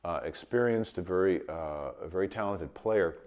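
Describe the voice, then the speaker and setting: A man's voice: low voice, moderate pace, lo-fi sound. Man teaching trumpet with a cold. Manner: relaxed explaining with light chuckles, sings sample tones. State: has a cold, voice a bit rough. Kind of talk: casual video lesson.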